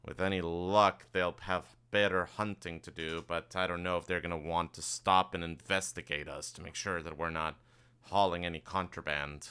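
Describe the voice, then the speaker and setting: A man voicing a gruff, cursing sea captain with a deep, bright voice. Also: fairly even intonation, moderate pace. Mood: worried. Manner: grumbling, profane, worried.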